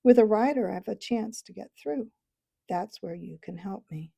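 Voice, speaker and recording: A haughty talking warhorse, voiced by a woman reading aloud, lecturing briskly in a warm, husky, slightly gravelly voice. A proud male steed from a storybook. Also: medium pitch.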